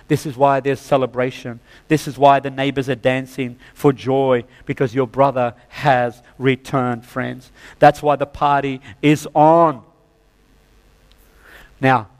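Preacher in a reverberant church. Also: male voice, mid-range voice. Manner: preaching with rising fervor, addressing listeners as friends. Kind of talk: sermon. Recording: long hall reverb.

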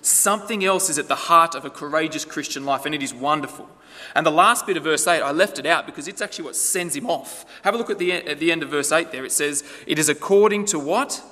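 A man's voice: a little high, fast talker, pushed and bright. A man preaching a sermon in a conversational way, asking the listeners rhetorical questions. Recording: long hall reverb.

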